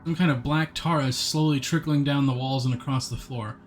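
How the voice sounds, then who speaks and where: A man's voice: medium pitch, steady tone, fairly quick, faint music behind. A man streaming a game live, chatting with viewers and reading the game's text aloud. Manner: chatty, answers chat, reads narration aloud in a plain voice.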